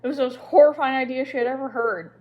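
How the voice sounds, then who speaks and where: A woman's voice: high voice, fast, highs cut off. A woman reading a children's story aloud, with small slips and restarts as she goes. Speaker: audiobook reader.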